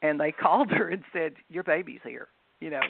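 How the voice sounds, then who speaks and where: Woman, Southern US accent, gravelly voice, dry tinny phone line, chatty storyteller. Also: deep voice, fairly quick, background noise. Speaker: guest author. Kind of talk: casual chat.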